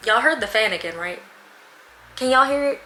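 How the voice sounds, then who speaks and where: A woman's voice: fairly high pitch, lively intonation, moderate pace, bright, forceful tone, faint music behind. A young woman vlogging at home, answering viewer questions in a candid, chatty way with slang and laughs. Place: room at home with a fan. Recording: echoey room.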